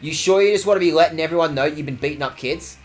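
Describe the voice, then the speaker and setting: Fast-talking and fairly high-pitched, this man streams a video game with casual commentary. He rants in playful mock outrage and swears a lot.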